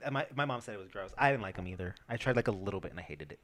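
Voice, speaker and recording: A young man hosting a casual podcast, rambling and animated with lots of "like". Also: on the low side, rapid-fire, a little hiss or hum. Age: young adult. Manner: rambling, animated, many "like" fillers. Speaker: podcast host. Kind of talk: casual chat.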